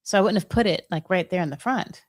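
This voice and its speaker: A woman's voice: lowish voice, fast talker. A woman co-hosting a live question-and-answer show, talking casually with lots of "like" and "you know". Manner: chatty, fillers like "like" and "you know". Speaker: co-host.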